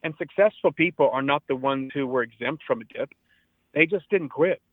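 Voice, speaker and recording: Heard through a thin, tinny phone line without any echo, this man in his forties is a pastor giving a radio interview in a preaching tone. His mid-range voice moves at a moderate pace, urgent and sincere, circling back on words for emphasis.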